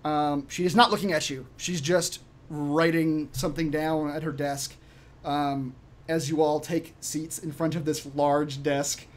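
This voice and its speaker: A man runs a tabletop game as game master, narrating in a relaxed way with plenty of fillers. His voice sits a little higher than most men's. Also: measured pace. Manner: relaxed, with frequent fillers and laughs.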